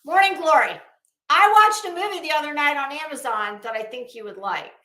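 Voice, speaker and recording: A high, bright-voiced woman talks slowly in a sassy, chatty commentary style, calling people out directly. The sound is roomy and echoey. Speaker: commentary streamer. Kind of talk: casual commentary chat.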